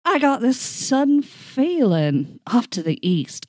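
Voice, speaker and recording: A woman's voice: a little high, very animated, slow pace, hardly any pauses, a little mellow, no echo. A woman playing a tabletop game, playful and amused. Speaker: player. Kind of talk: casual tabletop role-play.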